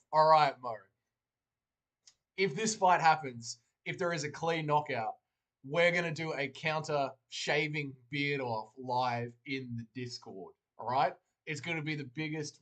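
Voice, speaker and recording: A man's voice: on the high side, a bit bright. A man hosting a casual livestream, joking and rambling while reading chat aloud from a desk mic. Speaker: livestream host.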